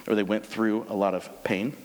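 A man pastor giving a conversational, animated sermon, slowing down to read scripture aloud. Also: fairly low pitch. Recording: long hall reverb.

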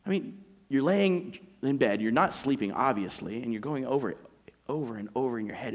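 A man preaching a sermon as pastor, telling a story with animated acted-out voices. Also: mid-range voice, fairly quick.

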